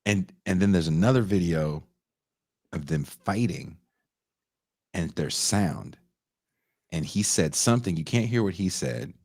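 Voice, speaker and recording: Unhurried and pausing often, a low-voiced man co-hosting a podcast tells a story in a casual, animated way. Swearing comes freely, and he acts out people's lines. The audio is clean studio sound without echo.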